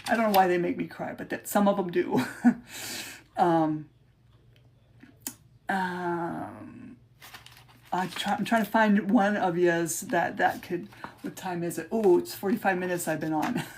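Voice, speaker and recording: On a livestream, a woman podcast host reads her own rhyming poems with emphatic rises, chatting between them in a halting, informal way. Her voice is fairly low and darkish, with a little hiss or hum.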